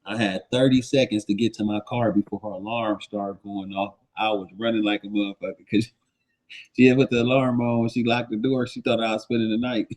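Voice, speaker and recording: A man's voice: fairly low pitch, steady tone, a little fast, darkish tone, rough recording. A man co-hosting a casual live-stream chat, telling stories bluntly and with plenty of swearing. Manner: blunt, profane storytelling. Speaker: co-host.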